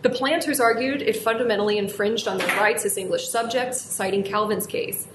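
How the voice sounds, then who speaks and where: A woman giving a history lecture in a measured, formal way, reading out quotations from old sources. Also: medium pitch, reverberant, background noise. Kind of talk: reading an academic history talk.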